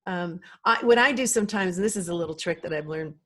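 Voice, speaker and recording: Animated woman guest on a podcast. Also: fairly low pitch, fast talker. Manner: animated, acts out quoted voices, laughs easily. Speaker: podcast guest, life coach. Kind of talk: casual conversational interview.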